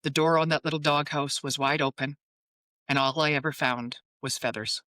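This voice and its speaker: A woman in her fifties, a psychic medium, speaks in a low voice at normal speed with no echo. She's an interview guest telling a personal story, animatedly acting out the quoted dialogue.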